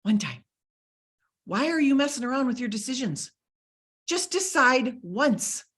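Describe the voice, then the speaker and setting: A middle-aged woman gives a motivational talk over a video call. Her voice is bright and forceful and sits a little high. She talks emphatically and keeps repeating her key points. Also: sing-song, unhurried, husky. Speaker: motivational speaker.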